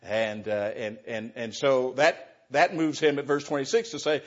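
A man's voice: mid-range voice, fairly even intonation, normal speed, hardly any pauses. A man teaching verse by verse through a Bible passage, talking it through conversationally and asking his listeners rhetorical questions. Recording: dull lo-fi recording.

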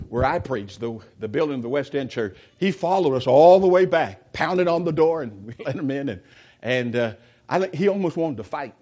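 A man's voice: fairly high pitch, darkish tone. A man preaching a sermon in a conversational way, often putting questions to the congregation and restarting his sentences. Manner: many restarts and repeated words.

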